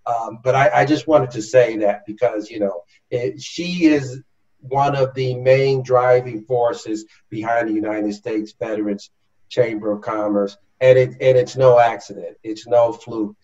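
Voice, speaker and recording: Male interview host, effusive and rambling, mid-pitched voice, slightly muffled lo-fi recording. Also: steady tone, measured pace, darkish tone. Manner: effusive, repetitive, restarts phrases. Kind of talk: interview hosting. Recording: slightly dull lo-fi audio.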